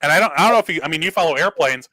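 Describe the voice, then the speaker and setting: Casting: male guest on a video call, animated storyteller, bright higher voice, dry sound. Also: racing, no echo, low-quality recording. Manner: animated storyteller acting out quoted dialogue. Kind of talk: casual storytelling on a live talk show.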